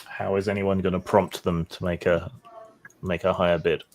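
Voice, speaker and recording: A man narrates a tabletop game as its game master. His voice is low, and his narration is relaxed, with frequent fillers. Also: moderate pace.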